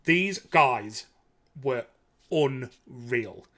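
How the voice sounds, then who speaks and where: A man's voice: medium pitch, lively intonation, very slow, bright, forceful tone. A man, chatting casually as a podcast host and rambling enthusiastically. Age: 30s. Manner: rambling and enthusiastic, with frequent fillers and laughs. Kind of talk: casual chat.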